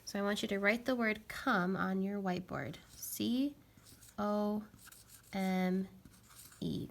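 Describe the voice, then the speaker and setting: A woman's voice: medium pitch, vocal fry. A woman teaching a phonics lesson to young children, patiently sounding out letters and words.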